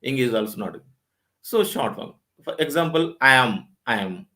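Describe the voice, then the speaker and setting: Indian man lecturing with lively pitch. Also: moderate pace. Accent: Indian English. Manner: repeats key points, explains step by step. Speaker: English lecturer. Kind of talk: webinar lecture.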